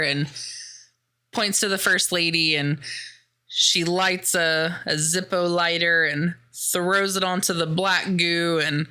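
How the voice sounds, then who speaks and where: Female podcast host, lowish pitch, bright forceful tone, casual and filler-heavy. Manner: chatty, filler-heavy, swears freely. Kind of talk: casual movie recap.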